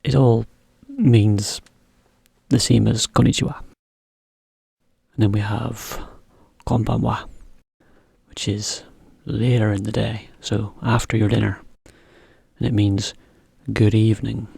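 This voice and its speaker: A man teaching a slow, careful English lesson for learners, repeating each example phrase. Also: on the low side, steady tone, vocal fry, dark tone, husky, no room sound, studio quality.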